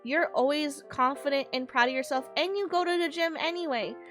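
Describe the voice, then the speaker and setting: Young streamer girl just rambling to chat, lots of "like", laughs a bunch, a bit high, close desk mic. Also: brisk, a bit bright, faint music behind. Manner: rambling, laughs often, says "like" a lot. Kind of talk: casual chat while livestreaming a game.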